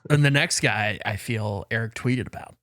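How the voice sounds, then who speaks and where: A man's voice: lowish voice, normal speed, bright, forceful tone, no room sound, clean studio sound. A man co-hosting a podcast, teasing the others with joking questions in casual chat. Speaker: podcast co-host.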